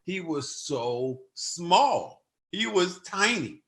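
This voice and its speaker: An older man hosts a podcast, chatting casually and telling stories as an animated storyteller who acts out quotes loudly and with gusto. His voice is high and extremely slow, with a crowd audible in the background.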